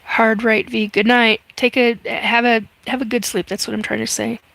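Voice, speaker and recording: A woman's voice: a little high, flat delivery, moderate pace, vocal fry, a bit bright. A woman in her fifties hosting a casual livestream, chatty and reading viewer comments aloud with many fillers. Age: 50s. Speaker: livestream host reading chat. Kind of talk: casual live chat.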